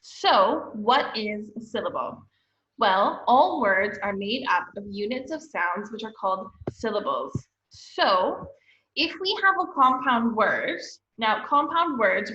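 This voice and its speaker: A woman's voice: fairly high pitch, pushed and bright, a little hiss or hum. A woman teacher giving a recorded online lesson to young children, speaking patiently and encouragingly and often checking in with "okay?". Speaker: elementary school teacher. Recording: echoey room, slightly dull lo-fi audio.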